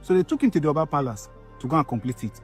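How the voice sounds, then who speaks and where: Male commentator, calm explainer, soft music under him. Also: a little high. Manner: measured, explaining step by step.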